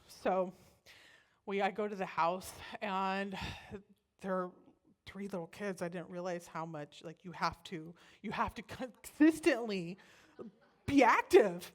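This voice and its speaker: A woman speaker giving a personal storytelling talk at a church, animated and acting out the voices she quotes. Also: mid-range voice, unhurried.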